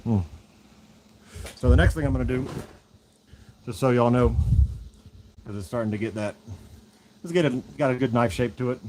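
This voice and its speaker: A knife maker making relaxed, rambling asides to a live chat as he works in his workshop. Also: medium pitch, normal speed, long pauses, slight background noise. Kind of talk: casual chat while working.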